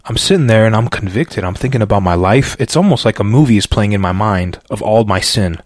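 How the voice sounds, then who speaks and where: A man telling his personal faith testimony as a podcast guest, in an animated, storytelling way with many fillers, and by his own account a loud talker. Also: lowish voice, a little fast, dry recording. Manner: self-described loud talker.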